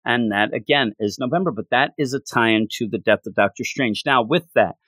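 A man talking through a comic story in a relaxed, chatty way. He jumps into little higher-pitched voices for the characters, then drops back to his own mid-range tone. The sound is dry and close, with no room echo. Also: a little fast. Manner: animated, acts out character lines in higher voices. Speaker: comic book reviewer. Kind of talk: casual recap with acted-out quotes.

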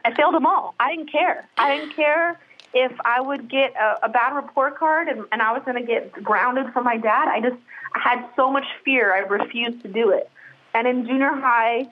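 A woman's voice: high-pitched, moderate pace, a little hiss or hum. Chatty woman on a dull lo-fi line. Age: middle-aged. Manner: candid, chatty, many fillers and restarts. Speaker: interview guest, brow artist. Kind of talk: casual podcast conversation.

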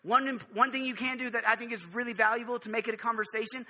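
Man, preacher, high voice, very bright tone, earnest, jokey, casual sermon. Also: fairly even intonation. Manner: earnest and jokey, quick restarts, direct address to listeners. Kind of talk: informal sermon teaching on prayer.

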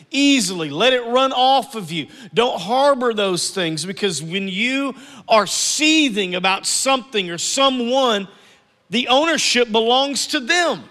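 Male preacher, earnest and conversational, high bright voice, reverberant hall. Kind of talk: sermon.

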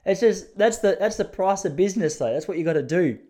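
A man's voice: high-pitched, expressive, brisk, dark tone. A man with an Australian accent telling comic stories in a chatty, rambling, self-mocking way. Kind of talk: casual comic storytelling monologue.

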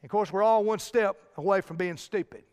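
Preacher, male, very high voice, emphatic pulpit delivery, long hall reverb. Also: moderate pace, darkish tone, clear, resonant tone. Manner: emphatic preaching, addresses the congregation directly. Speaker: pastor. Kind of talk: sermon.

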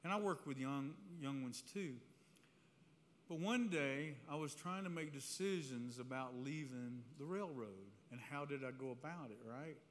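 A man preaching a testimony to a live audience in a church hall, telling his story in an animated, conversational way that keeps checking in with "right?". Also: medium pitch, moderate pace. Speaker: speaker giving a testimony. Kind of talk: sermon-style testimony storytelling. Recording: reverberant hall, faint room noise.

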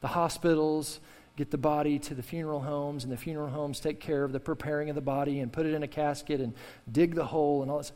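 A man's voice: a little high, fairly even intonation, quick pace, hardly any pauses, darkish tone, long reverb tail. A male pastor preaching a sermon with fervor, repeating key phrases and calling on the congregation to respond. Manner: impassioned preaching with repetition and call-and-response.

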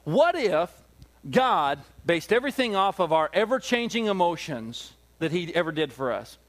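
A man's voice: high-pitched, sing-song, moderate pace. A male pastor preaching a sermon with emphatic repetition and rhetorical questions.

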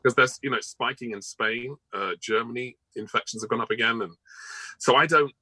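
A man's voice: mid-range voice, fairly quick, sharp tone, husky, no echo, rough recording. A male actor chatting as an interview guest, rambling along with many ums and restarts. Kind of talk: casual interview chat.

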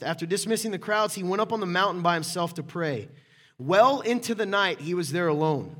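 A man preaching a sermon in a casual, conversational way, joking with people in the room by name and swinging between loud and hushed. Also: high voice, animated, brisk. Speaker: pastor.

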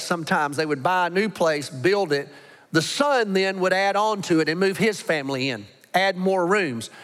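A man preaching a sermon as pastor, pressing his points with slow, weighty lines between quicker asides. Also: sits high, a bit bright. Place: large church sanctuary. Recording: long hall reverb.

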